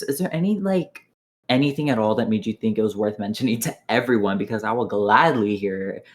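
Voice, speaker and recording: A young man in an online voice chat, retelling game drama in a casual, animated way, full of quoted dialogue. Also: mid-range voice. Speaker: player in an online strategy game.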